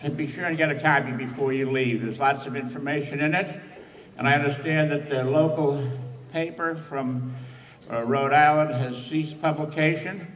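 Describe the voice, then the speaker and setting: An older man in his eighties, with a slightly higher voice, accepts an award with chatty, wry humor. He sounds distant, and the banquet hall echoes around him. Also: steady tone, moderate pace, fairly bright tone. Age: 80s. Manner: chatty, wry, jokes with the room. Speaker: award recipient. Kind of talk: acceptance speech.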